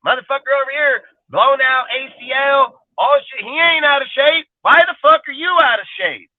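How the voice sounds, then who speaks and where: A man's voice: very high-pitched, normal speed, no room sound. A man hosting a sports talk show, ranting in a heated, profane, exasperated way. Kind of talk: heated casual sports rant. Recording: tinny phone-like line, dry.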